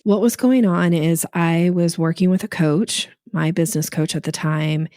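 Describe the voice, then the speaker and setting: A woman's voice: on the low side, normal speed, dry recording, studio quality. A middle-aged woman, a podcast guest, tells a story in casual chat, laughing often and acting out what people said. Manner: animated storyteller, laughs often, acts out quoted dialogue.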